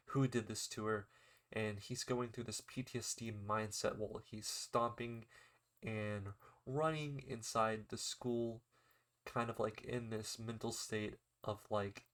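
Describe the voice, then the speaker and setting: Young male reviewer, low-ish voice, loose chatty recap full of "like". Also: a bit bright. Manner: rambling, filler-heavy retelling with acted-out quotes. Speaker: anime episode reviewer. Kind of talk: casual recap.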